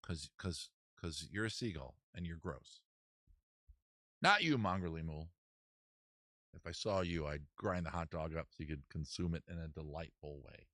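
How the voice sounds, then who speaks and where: A man's voice: sits low, moderate pace, sharp tone, no room sound, clean studio sound. A man from Maryland hosting a comedy advice live stream from his backyard, rambling in a wry, self-deprecating way. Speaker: comedy advice show host. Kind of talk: casual live-stream chat. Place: backyard outdoors next to a heater.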